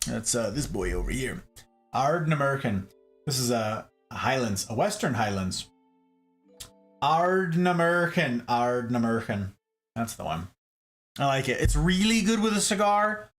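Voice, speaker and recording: A livestream host chats playfully and animatedly with his viewers late at night from home, at a moderate pace. His pitch swings widely between lines while soft music plays faintly in the background.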